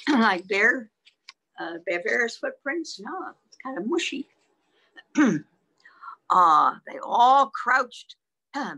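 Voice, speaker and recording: Woman storyteller, reading to toddlers, sing-song, very lively pitch, slow, bright. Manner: sing-song, asking children questions. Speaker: children's storyteller. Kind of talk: reading a picture book to toddlers.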